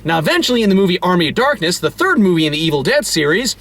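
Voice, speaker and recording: High, lively young man ranting in a car. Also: racing. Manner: animated, profane, laughs often, breaks into mock outbursts. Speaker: host of a movie review show. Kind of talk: casual car-ride movie review chat. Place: inside a car.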